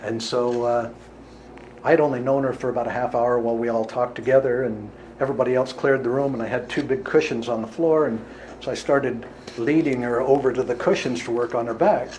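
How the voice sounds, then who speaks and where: A man's voice: mid-range voice, steady tone, fairly quick, darkish tone, slight background noise, rough recording. A man, a healer, telling a vivid case story to listeners in an earnest, emphatic way. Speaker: healer giving a talk. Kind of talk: storytelling talk to an audience.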